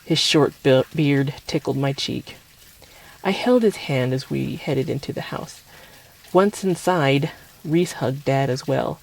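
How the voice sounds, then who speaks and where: Calm man reading a story aloud. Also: mid-range voice, takes it slowly, gravelly.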